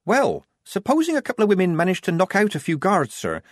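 A man's voice: sits high, wildly swooping pitch, fast talker, no echo, studio quality, voice pushed up, full character voice. Male reader as an eager young woman disguised as a boy soldier, raised and dutiful.

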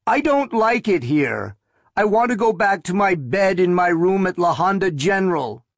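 A man's voice: high voice, big pitch swings, moderate pace, dry recording, clean studio sound, pitched above the performer's own voice. A man reading aloud and voicing a frightened old man, buried alive, who speaks in a weak, quavering voice. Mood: panicked. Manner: panicky, pleading.

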